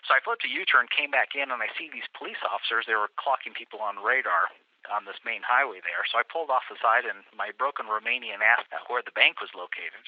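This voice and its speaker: A man, a guest on a travel interview, telling a story in a lively way and acting out the voices of people he met. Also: medium pitch, quick pace, dry recording. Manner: animated storyteller, acts out quotes. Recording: tinny phone line.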